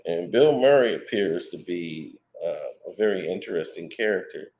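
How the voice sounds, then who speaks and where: A man with a very low, deep voice talks through a movie trailer in loose, conversational commentary. He speculates as he goes and leans on fillers and restarts. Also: lively intonation, moderate pace, darkish tone. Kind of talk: casual commentary.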